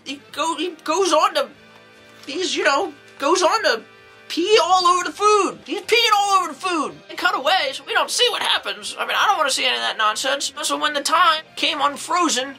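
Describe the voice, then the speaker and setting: A woman playing an eccentric, excitable old nun who reviews horror movies, rambling along with folksy exclamations. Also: high voice, moderate pace, faint music behind, heavily acted. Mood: rambling, amused. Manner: rambling, folksy exclamations, jumps into acted quotes. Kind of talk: in-character comedic movie review.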